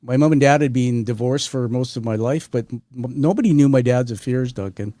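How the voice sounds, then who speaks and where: A man with a mellow, warm voice hosts a conversational podcast interview. He is middle-aged, energetic and a little rambling, and he often speaks straight to his audience. The sound is dry and close, with no room around it. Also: medium pitch, fairly quick, no echo. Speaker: podcast host.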